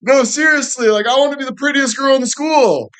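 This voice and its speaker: A man's voice: very high voice, a little fast, a bit bright, pitched above the performer's own voice. A man voicing a vain teenage girl who whines about being pretty. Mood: whiny. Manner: whiny, pleading. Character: vain teenage girl fussing over her looks.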